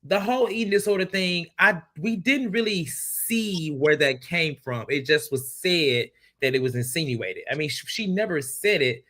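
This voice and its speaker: A man's voice: fairly high pitch, expressive, normal speed, hardly any pauses, bright, forceful tone. A man co-hosting a casual reality TV recap podcast, giving emphatic, rambling opinions. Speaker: podcast co-host.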